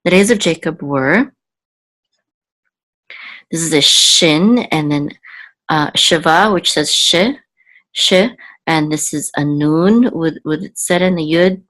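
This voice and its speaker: A woman with a low voice who talks slowly and patiently, explaining each word as she goes. She pauses often, stops to think aloud and corrects herself mid-sentence. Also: a bit bright, rough recording. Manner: halting, thinks aloud, frequent ums and self-corrections. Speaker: Hebrew teacher. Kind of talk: slow, patient word-by-word teaching.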